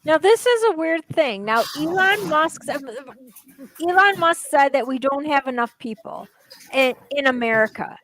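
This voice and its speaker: Chatty high-voiced woman. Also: a bit bright, rough recording. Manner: chatty, trails off mid-sentence. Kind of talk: casual political talk.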